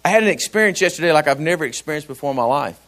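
A male pastor, telling a personal story in a sermon, laughing and animated. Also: on the high side, rapid-fire.

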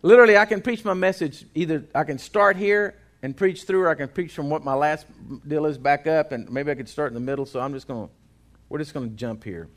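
A man's voice: a little high, a little fast. A man, a pastor preaching a sermon in a folksy, joking way with asides to the congregation. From Texas.

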